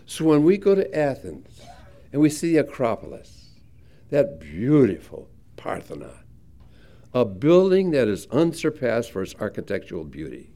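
Male Bible teacher, mid-pitched and mellow, lively and emphatic delivery, conversational sermon with frequent restarts. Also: moderate pace. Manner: animated, conversational storytelling with emphatic rises.

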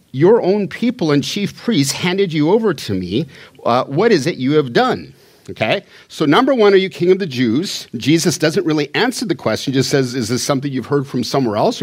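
Animated man teaching a sermon. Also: a little high. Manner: conversational Bible teaching, paraphrasing and restarting. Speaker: preacher.

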